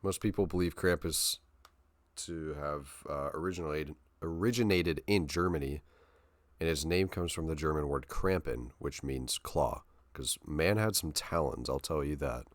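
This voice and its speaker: A man's voice: very deep voice, normal speed, dry recording. A young man co-hosting a podcast, telling a story in a loose, rambling way full of fillers and slang. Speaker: podcast co-host. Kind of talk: casual podcast chat.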